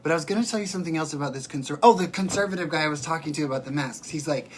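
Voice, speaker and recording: A woman's voice: low-pitched, very fast, few pauses, a little hiss or hum. A woman hosting a livestream, talking straight to her viewers in an emphatic, rambling way and answering their comments as she goes.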